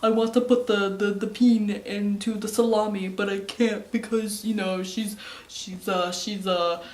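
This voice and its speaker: A woman voicing a lecherous, whiny teenage boy who mumbles and halts in a lowered voice, in a roomy echo. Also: fairly even intonation, unhurried, darkish tone, close to an everyday voice. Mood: whiny, mumbling.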